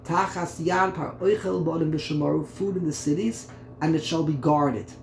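A Torah teacher leads a text study lesson, thinking aloud and repeating words as he works through the terms. His fairly high voice has vocal fry and a normal pace, recorded in an echoey room with a faint hum.

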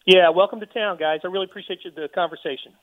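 Guest reporter guy calling in, tinny phone sound, friendly and easygoing, slightly high voice. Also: steady tone, very fast, dry recording. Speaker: newspaper sports reporter, guest. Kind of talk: casual radio chat.

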